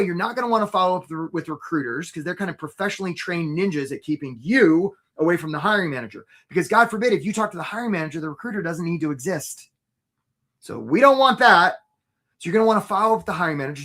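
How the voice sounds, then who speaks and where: A man's voice: high-pitched, animated, fast, bright, forceful tone. A man hosting a live career webinar as a coach. He talks casually and upbeat, often asks "right?", and speaks straight to his viewers.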